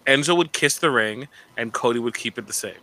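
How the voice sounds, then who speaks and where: A man co-hosting a casual chat show, animated and fond of slangy impressions of others. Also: mid-range voice, a little fast, slight background noise. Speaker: podcast co-host.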